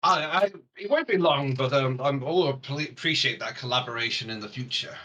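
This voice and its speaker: Man voicing a proud paladin with a bright voice; formal, hesitant. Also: mid-range voice, brisk, recorded from a distance, close to an everyday voice. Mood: earnest, formal. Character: earnest young male paladin, formal and proud.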